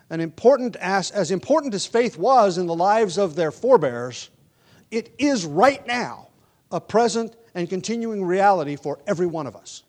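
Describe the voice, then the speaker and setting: A man's voice: high-pitched, darkish tone. A man preaching an expository sermon, explaining grammar patiently with frequent restarts, then building to emphatic stress on key words. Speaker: pastor.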